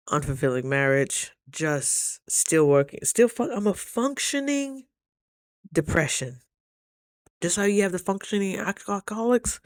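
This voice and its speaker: A woman vlogger from Idaho chatting casually to camera, telling stories with animated, loud quoted asides. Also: low voice, dry recording, clean studio sound.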